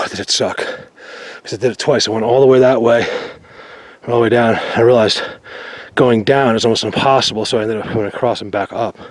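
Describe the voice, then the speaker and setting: A man vlogging outdoors in a forest, excitedly showing viewers what he finds and sometimes dropping to a whisper. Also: mid-range voice, moderate pace, no room sound. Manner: excited, talks to viewers, drops to a whisper at times. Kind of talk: outdoor exploring vlog.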